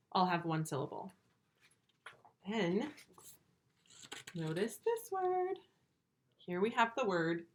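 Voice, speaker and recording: A woman teaching first graders in a recorded video lesson, speaking slowly and clearly, stretching words out and asking patient, encouraging questions. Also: on the low side, a bit bright. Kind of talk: remote video lesson for young children.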